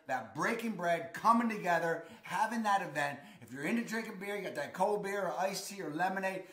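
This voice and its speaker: Upbeat Baltimore man, high voice. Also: roomy sound, low-quality recording. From Baltimore, Maryland, USA. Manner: enthusiastic, emphatic, chatty. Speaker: real estate vlogger. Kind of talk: energetic casual vlog.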